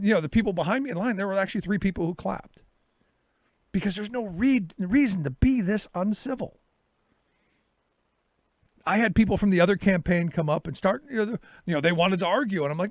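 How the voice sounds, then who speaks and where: Animated man telling a story, dry sound. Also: sits high, normal speed, pauses often, no echo. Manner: animated storytelling, reenacts his own exchanges. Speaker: talk show host. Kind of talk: casual monologue.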